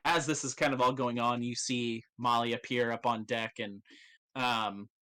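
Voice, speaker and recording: A man's voice: medium pitch, steady tone, moderate pace, pushed and bright, clean tone. A young man narrating as game master in a casual, swear-filled way.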